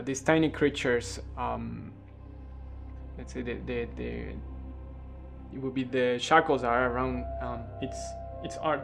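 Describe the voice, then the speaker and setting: A man narrating a tabletop game as game master, with frequent pauses and restarts. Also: on the high side. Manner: halting, full of fillers and restarts.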